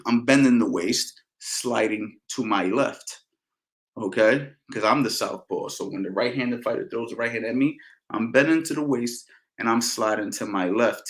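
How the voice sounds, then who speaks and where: Chill guy boxing coach answering questions, mid-pitched voice, echoey room. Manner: relaxed, peppers talk with "you know" and "man". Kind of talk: casual Q&A instruction.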